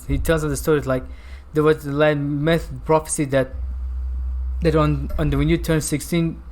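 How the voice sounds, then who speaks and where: Chatty non-native man, rambling, higher voice. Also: level tone, moderate pace, darkish tone. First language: not English. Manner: rambling, searches for words, laughs often. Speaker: podcast co-host reviewing a film. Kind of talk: casual chat.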